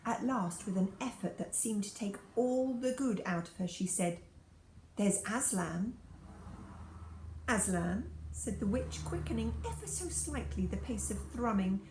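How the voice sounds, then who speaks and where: A woman's voice: a little high, expressive, normal speed, few pauses, mellow, roomy sound, slight background noise, poor audio. A woman reading a children's story aloud expressively. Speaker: storybook reader.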